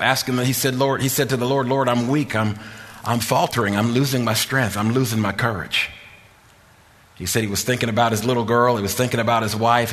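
A man preaching a sermon as a pastor, moving from soft, halting talk to loud, rising preaching. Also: medium pitch. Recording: long hall reverb.

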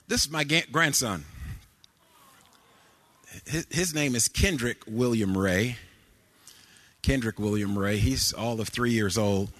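An older man preaching a sermon, telling homely family stories with fillers, then rising into sung cadences and shouts. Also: medium pitch. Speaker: pastor.

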